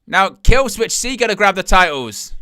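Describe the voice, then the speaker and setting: A man hosting a live wrestling watch-along, calling the action with excited gasps and exclamations. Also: high-pitched, normal speed, clean tone, no room sound, studio quality. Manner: animated, exclaiming "oh" at each move. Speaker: wrestling live-stream host.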